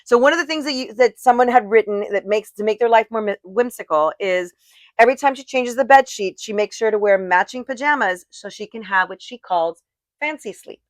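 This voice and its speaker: A woman's voice: fairly high pitch, brisk, no room sound. Chatty woman co-hosting, dry close sound. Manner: chatty, rambling with restarts. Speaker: co-host. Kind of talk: casual chat.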